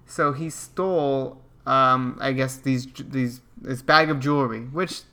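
A man's voice: medium pitch, steady tone, slow pace, bright, forceful tone. A young man co-hosting a podcast, in laid-back casual banter with some slang. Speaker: podcast co-host. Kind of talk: casual chat.

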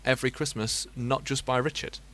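A man's voice: mid-range voice, fairly even intonation, brisk, sharp tone. A man hosting a podcast in casual chat, emphatic and stacking up points. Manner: emphatic, builds lists of points. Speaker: podcast host.

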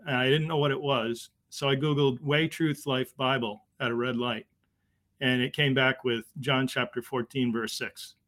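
Middle-aged man, guest telling a story, halting, emotional, restarts a lot. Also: medium pitch, steady tone, a bit bright. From Boston area. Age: 50s. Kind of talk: conversational storytelling.

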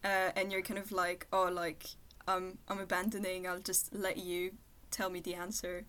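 A woman's voice: lowish voice, level tone, moderate pace, a bit bright. A woman, a podcast guest in casual chat, explaining with friendly fillers and laughing often. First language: French.

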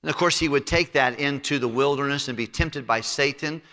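A man preaching a sermon as pastor, emphatic, letting his voice sink low and quiet on key words. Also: a little fast. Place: church sanctuary. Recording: reverberant church hall.

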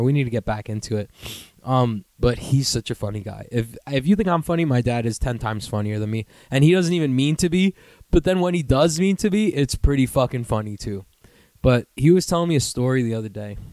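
A man's voice: mid-range voice, darkish tone, no echo. A young man from the New York area hosting a podcast, telling a rambling, profane story in casual chat and laughing as he goes. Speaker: podcast host.

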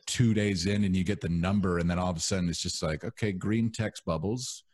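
A young man hosting a podcast, chatting casually in a relaxed, rambling way with lots of fillers. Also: deep voice, fast, no echo. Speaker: podcast host.

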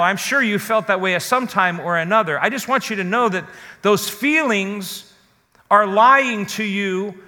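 A pastor with a high, bright voice delivers a sermon full of earnest conviction. He asks his listeners direct questions and slows to emphasize key words, his voice ringing through a long hall reverb.

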